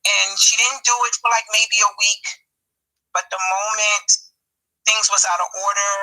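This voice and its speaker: A woman tells her own story candidly, stumbling and restarting as she goes. Her voice sits in a middle pitch and has a very bright, sharp edge. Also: little pitch movement, poor audio. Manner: halting, candid, with restarts and casual speech. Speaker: support group participant. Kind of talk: personal testimony.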